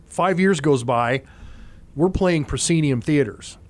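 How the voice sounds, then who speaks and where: A man, a former concert monitor engineer, telling stories in a relaxed interview and acting out other people's lines as he goes. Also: fairly high pitch, slow. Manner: animated raconteur, acts out other people's lines. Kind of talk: casual storytelling in an interview.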